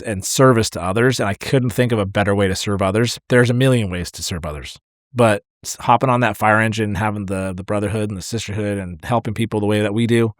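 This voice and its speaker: A man's voice: fairly low pitch, no echo, clean studio sound. A man, a firefighter and podcast co-host, telling a hard call story in candid casual chat and swearing freely as it gets emotional.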